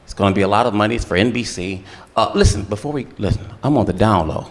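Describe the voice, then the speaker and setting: Comedian doing a low, secretive Hollywood producer, conspiratorial, in an echoing club. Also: male voice, lively intonation, fast. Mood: hushed. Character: smooth-talking secretive male TV producer, deep-voiced. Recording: long reverb of a comedy hall.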